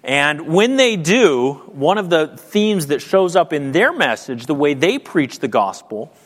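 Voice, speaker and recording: A man's voice: a little high, big pitch swings, measured pace. A man preaching a sermon in a conversational way, with frequent ums and rhetorical questions. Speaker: pastor. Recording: long hall reverb.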